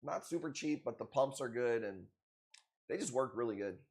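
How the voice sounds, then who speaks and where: A man's voice: mid-range voice, lively intonation, moderate pace, gravelly, darkish tone. Profane, joking man hosting a stream. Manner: loose, profane, joking banter with frequent laughs. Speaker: live stream host selling corals. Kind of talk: casual live-stream chat with chat viewers.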